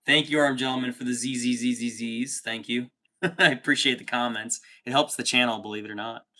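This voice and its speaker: A man's voice: medium pitch, steady tone, a little fast, bright, forceful tone. A man in his thirties hosting a livestream, chatting casually and swearing often while reading out chat comments. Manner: profane, rambling, says dude a lot.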